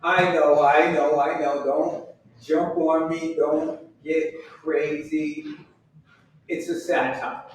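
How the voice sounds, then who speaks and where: A man in his sixties hosts a live show with self-mocking stand-up, hopping from aside to aside in a fairly high voice. The small room rings with heavy echo, and he sits well back from the mic over faint noise. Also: level tone, takes it slowly, recorded from a distance. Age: 60s. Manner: chatty, self-mocking, jumps between asides. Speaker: host and stand-up comedian.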